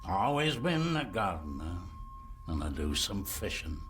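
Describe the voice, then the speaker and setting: An actor playing an eerie, brooding old blind groundskeeper with a Scottish accent in a video game. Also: male voice, low voice, big pitch swings, a bit bright, faint music behind, heavily acted. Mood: ominous. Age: older. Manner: slow, ominous, brooding.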